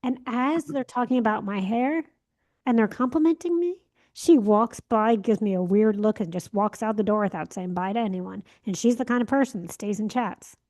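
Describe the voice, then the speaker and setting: A woman's voice: medium pitch, moderate pace, darkish tone. A young woman co-hosting a podcast, telling a story in casual chat and acting out the lines she quotes. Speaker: podcast co-host.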